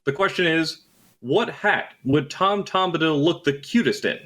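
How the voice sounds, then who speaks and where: A man's voice: fairly high pitch, a little slow, a bit bright. A man moderating a mock political debate over voice chat in a formal, announcer-like manner.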